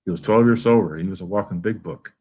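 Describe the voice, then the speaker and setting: This middle-aged Canadian man, a recovery meeting guest with a Canadian accent, talks fast in a deep, slightly mellow voice. His casual recovery stories are earnest and folksy, and he raises his voice to quote people.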